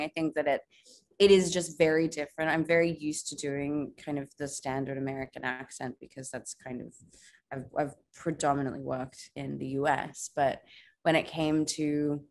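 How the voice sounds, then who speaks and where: A woman's voice: sits low, little pitch movement, normal speed, a little mellow, slight background noise. A woman with an Australian accent, answering interview questions thoughtfully with frequent "kind of" fillers. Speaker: actor interviewee.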